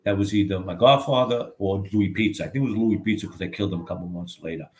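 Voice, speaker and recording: This older author, appearing as a guest, speaks fast in a low, somewhat dark voice. His casual storytelling wanders, full of profanity and repeated "you know what I mean."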